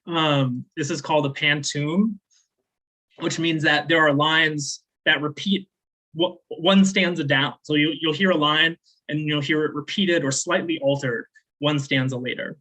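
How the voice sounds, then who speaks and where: A man with a fairly high, bright, forceful voice delivers spoken word poetry at a slam. He recites in a measured, deliberate way, then drifts into loose, filler-heavy chat between poems. He grew up in the American South. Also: fairly even intonation, rough recording. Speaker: slam poet.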